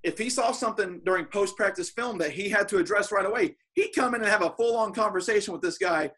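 Bright, high-voiced man telling a story. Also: fast talker, slightly rough. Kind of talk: casual chat.

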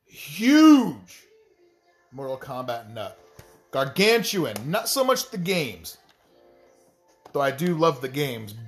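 A man rambles casually about games and movies, swearing freely and drifting off on tangents. His voice sits in an ordinary middle register. Soft music hums in the background. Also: medium pitch. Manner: profane, rambling, wry asides. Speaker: gaming vlogger.

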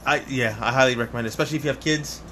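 A man's voice: medium pitch, very fast, sharp tone. A man chatting casually on a group podcast, easygoing and repeating his points. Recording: noisy room recording.

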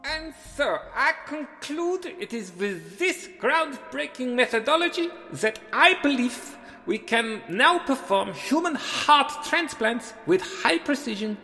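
A man's voice: very high voice, expressive, slow pace, sharp tone, long reverb tail, faint music behind, full character voice. A man doing a pompous surgeon. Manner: haughty, pompous lecturing. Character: pompous Swiss male surgeon, middle-aged, easily offended.

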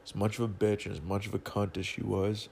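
Gravelly young man ranting with slang. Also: on the low side, level tone, a little fast, a little mellow, slight background noise. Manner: profane, slangy, rambling. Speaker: storyteller. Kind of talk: casual rant.

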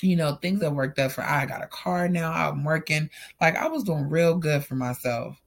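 A young man tells an emotional story about his own life in a loose, run-on way. He stays candid and open throughout. His voice sits a little higher than most men's. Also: moderate pace, vocal fry. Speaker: storyteller sharing a personal testimony. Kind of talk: casual personal storytelling.

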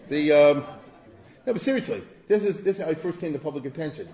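The informal history lecture comes from a man whose fairly high, mellow voice is animated and quick. He talks conversationally and digressively, asking rhetorical questions often, and there is clear echo in the room.

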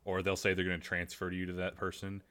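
A man's voice: deep voice, completely flat delivery, quick pace, pushed and bright, smooth. A man co-hosting a casual podcast, making wry, joking complaints. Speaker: podcast co-host. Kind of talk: casual chat.

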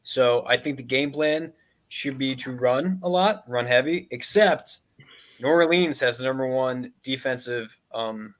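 A man co-hosting a casual podcast who drops dry wisecracks and gives measured sports predictions. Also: mid-range voice. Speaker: podcast co-host.

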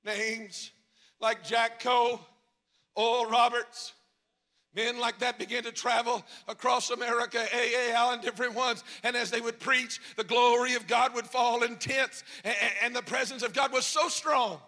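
A man preaching a revival sermon as pastor, shouting in a sung cadence at the peaks and dropping low and quiet in between. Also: steady tone, moderate pace. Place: church sanctuary. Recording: long reverb of a large hall.

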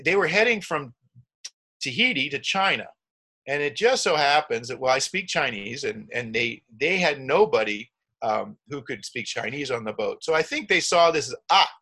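A man's voice: medium pitch, sharp tone. A middle-aged man telling a long travel story in a rambling way, with many restarts and acted-out quotes. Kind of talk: casual storytelling.

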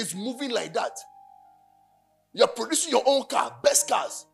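Ghanaian preacher, high and husky, animated storytelling sermon, faint music behind. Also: male voice, measured pace, long pauses. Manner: storytelling, animated, joking, sudden loud bursts. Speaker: pastor.

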